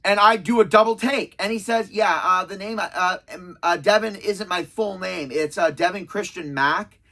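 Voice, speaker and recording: A man's voice: high-pitched, moderate pace, sharp tone. A man telling a convention story in a casual, rambling way, with many restarts and quoted back-and-forth.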